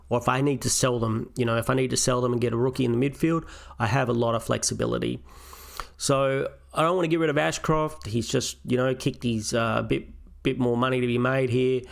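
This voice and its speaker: Gravelly-voiced man thinking aloud. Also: mid-range voice. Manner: thinks aloud, weighing options step by step. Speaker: fantasy football channel host. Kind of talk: casual solo team review.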